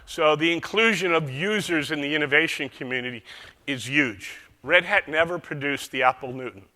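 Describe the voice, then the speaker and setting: Bright-voiced man speaking in a hall. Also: fairly high pitch, normal speed. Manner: folksy storytelling with metaphors. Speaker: keynote speaker. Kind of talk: conference keynote speech. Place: large conference hall. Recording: echoey large hall.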